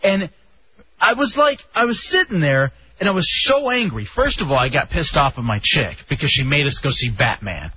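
A young man from Texas hosting a radio show, telling stories in an animated way with casual swearing. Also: fairly high pitch, normal speed, breathy edge. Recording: dull lo-fi radio sound.

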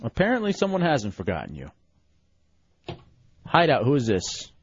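A man's voice: medium pitch, huge pitch swings, slightly rough, lo-fi sound. Teasing man hosting radio comedy. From Chicano, US. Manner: quick, teasing, laughs easily. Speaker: radio show host.

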